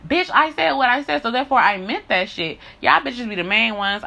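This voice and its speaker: A woman's voice: a little high, animated, moderate pace, gravelly, hardly any pauses, bright, forceful tone. A young woman speaking in a blunt, heated, profane monologue rant to her followers. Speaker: social media creator.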